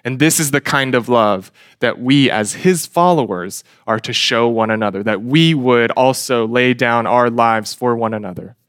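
A man's voice: mid-range voice, normal speed, hardly any pauses, a bit bright, smooth, no echo. Male pastor, sermon, earnest and emphatic, rhetorical questions, dry close sound.

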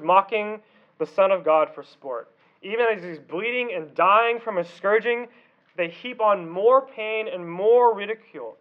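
Intense high-voiced man preaching a sermon. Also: dull audio. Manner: intense preaching, swings between loud emphasis and low hushed endings. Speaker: pastor.

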